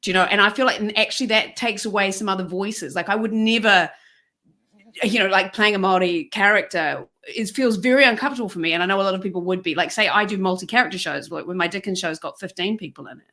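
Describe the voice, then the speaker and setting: A woman, a stage performer co-hosting a casual chat, talking quickly and animatedly with many fillers. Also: medium pitch, bright, forceful tone. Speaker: actor and podcast co-host.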